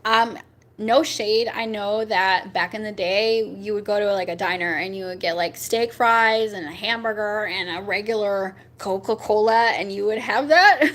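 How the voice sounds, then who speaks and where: A young woman hosting a casual chat, talking with her viewers, rambling with fillers and jumping up in pitch when she reacts. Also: moderate pace, a bit bright. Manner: chatty and rambling, with many fillers and laughs. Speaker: livestream host chatting with viewers.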